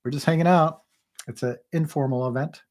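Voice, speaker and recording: Brisk and fairly high-pitched with a darkish tone, this thirty-something man co-hosts a casual livestream. He says hello to viewers and reads their comments out loud with frequent laughter.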